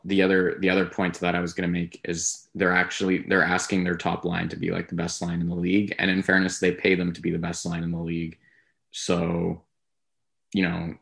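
Low gravelly man chatting casually. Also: a bit bright. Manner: rambling, measured, hedging. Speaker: podcast co-host. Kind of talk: casual sports talk.

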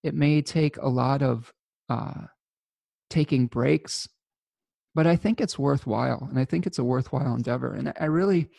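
A man with a mellow, gravelly voice talks in an earnest, halting way, full of fillers and restarts. His words sound dry and close, as if he is alone with the mic in a small room. He speaks as an astrology host. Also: mid-range voice, no room sound. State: choked up with emotion. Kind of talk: casual spoken monologue.

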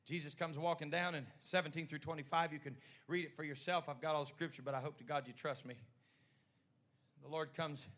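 A man preaching a sermon in short rhythmic phrases that build to shouting. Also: fairly high pitch, steady tone, a little fast.

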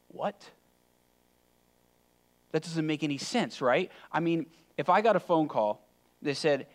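A man preaching a sermon in a conversational, emphatic way, often dropping suddenly to a quiet voice. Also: fairly high pitch, normal speed. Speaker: pastor.

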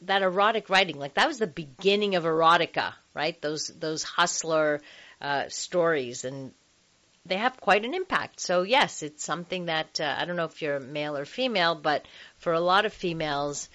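A chatty woman hosting a radio talk show on sex, her voice sitting a little low for a woman. She talks loosely with fillers and laughs easily. The audio sounds dull and lo-fi. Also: lively intonation, moderate pace, fairly bright tone.

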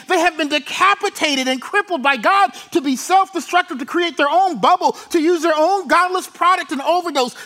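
A pastor preaching a sermon, swinging from loud, emphatic preaching down to hushed near-whispers, with casual conversational asides. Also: male voice, very high voice. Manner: conversational asides with "you know" and "like".

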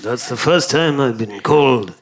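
A man playing a gruff old warrior, hammy and halting, audience behind. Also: medium pitch, animated, crowd noise, pitched below the performer's own voice, lightly acted. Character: gruff old bearded male actor type, proud warrior.

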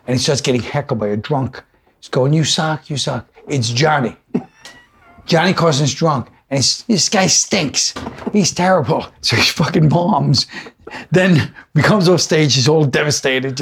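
A man's voice: mid-range voice, moderate pace, a little hiss or hum. A man, a guest comedian, telling rambling, profane anecdotes in a casual chat.

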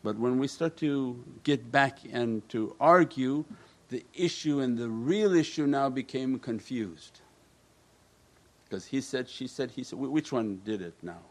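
Man, religious teacher, calm measured sermon voice, answering questions. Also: medium pitch. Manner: calm, repetitive, with Arabic prayer phrases.

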